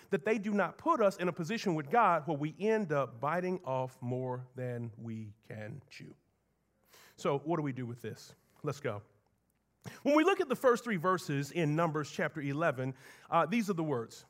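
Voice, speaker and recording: High-voiced preaching man. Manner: preaching with wide swings between soft low asides and raised emphatic lines. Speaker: pastor. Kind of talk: sermon.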